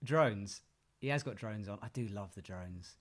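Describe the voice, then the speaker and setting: A man's voice: on the low side, unhurried. A man co-hosting a livestream, giving casual, jokey watch-along commentary and reading out viewer comments. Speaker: co-host of a livestream.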